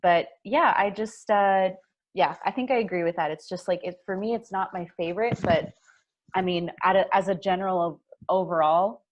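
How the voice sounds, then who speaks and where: Kanadyjka o niższym głosie, z wahaniem. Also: female voice, on the low side, moderate pace, muffled recording. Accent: Canadian. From Canada. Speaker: podcast co-host. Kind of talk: casual chat.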